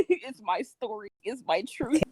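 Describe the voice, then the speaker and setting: A woman's voice: fairly high pitch, expressive, slow pace, crowd noise. A woman co-hosting a podcast in casual chat, joking and teasing herself, with bursts of laughter. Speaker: podcast co-host.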